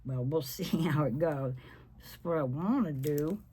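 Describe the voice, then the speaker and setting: A woman hosting a painting tutorial who is losing her voice, chatting to viewers in a hoarse, half-whispered way as she works. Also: low voice, normal speed, warm tone. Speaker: craft video host.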